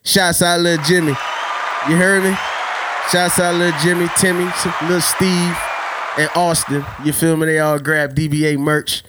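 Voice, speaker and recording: Loud man telling stories. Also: a little high, flat delivery, a little slow, a loud crowd, very noisy. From Louisiana. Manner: loud, profane, laughing, slangy. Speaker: podcast host. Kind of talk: casual rambling storytelling.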